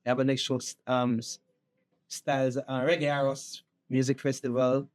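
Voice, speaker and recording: A man's voice: medium pitch, flat delivery, moderate pace, a little mellow. A man from Jamaica with a Jamaican accent, a reggae musician chatting casually as an interview guest, laid-back and often saying "you know what I mean".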